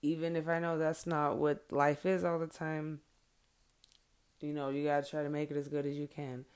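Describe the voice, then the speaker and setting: A woman and mother talking straight to her followers in an earnest, blunt monologue, swearing freely and filling pauses with "like" and "um". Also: deep voice, level tone, darkish tone, clear, resonant tone. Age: adult with children. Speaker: vlogger addressing followers. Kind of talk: heartfelt direct-to-camera monologue.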